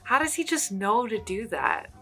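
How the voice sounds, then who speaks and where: A young woman vlogging as she follows a painting tutorial, chatty, playful and excitable. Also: fairly high pitch, normal speed, gravelly, soft background music. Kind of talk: casual reaction commentary.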